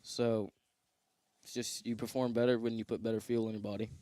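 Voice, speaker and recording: A teenage boy from Ohio, a high school wrestler answering interview questions in a plain, modest way. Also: level tone, brisk, dark tone, no room sound. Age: teens. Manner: plain, modest, matter-of-fact.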